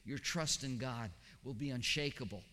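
A man preaching a sermon as pastor, swinging from high emphatic questions down to low, quiet reassurance. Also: normal speed, big-room sound.

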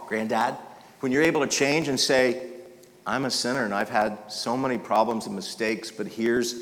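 A man preaching a sermon in a conversational way, dropping to a soft murmur and then rising for emphasis. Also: medium pitch. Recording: long reverb of a large hall.

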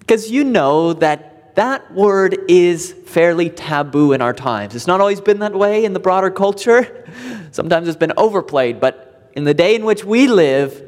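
Emphatic high-voiced male pastor preaching. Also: in a large hall. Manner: emphatic, repeating key words with pauses. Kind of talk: sermon. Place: church sanctuary.

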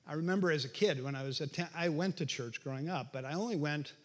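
Male pastor, middle-aged, slightly high and husky, chatty sermon with loud peaks, long hall echo. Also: fast. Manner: conversational, rises to shouting for emphasis. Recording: reverberant hall.

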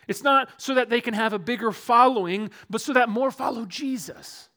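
A man preaching a sermon as pastor in a church, earnest, moving between loud emphasis and quiet, dropped asides. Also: extremely high pitch, moderate pace, few pauses.

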